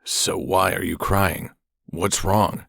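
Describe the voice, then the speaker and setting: An actor playing a gruff, protective young man who speaks curtly and demandingly. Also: low voice, steady tone, takes it slowly, fairly bright tone, dry recording, clean studio sound, exaggerated voice. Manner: demanding, curt.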